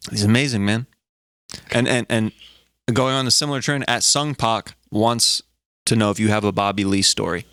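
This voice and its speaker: A man hosting a podcast in casual chat, relaxed, reading out listener questions. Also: lowish voice, moderate pace, dry recording, studio quality. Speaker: podcast host.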